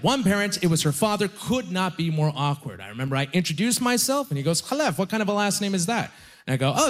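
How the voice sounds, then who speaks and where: Man, stand-up comic, slightly high voice, animated self-deprecating storytelling. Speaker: stand-up comedian. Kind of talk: stand-up comedy set. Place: comedy venue with live audience.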